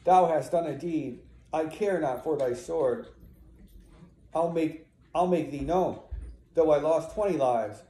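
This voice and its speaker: A man voicing an outraged, grieving woman servant, crying out loudly in a raised voice. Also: measured pace, pauses often, natural voice. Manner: loud, high-pitched outcries. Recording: roomy echo.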